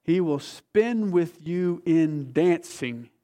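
A man's voice: fairly high pitch, expressive. Passionate male pastor preaching a sermon. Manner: passionate, swings from loud emphatic bursts to hushed, slow intimate reading.

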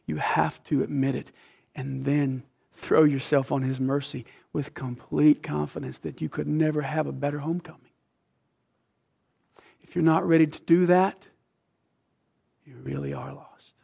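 A man preaching a sermon with emphasis, dropping from loud phrases to hushed whispers and asking the listeners questions like a teacher. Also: a little high, level tone, moderate pace, vocal fry, breathy edge.

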